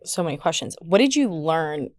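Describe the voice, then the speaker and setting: A woman hosting a podcast, asking questions with quick, laughing reactions. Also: low-pitched, sing-song, darkish tone, no room sound, studio quality. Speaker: podcast host. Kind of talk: casual interview.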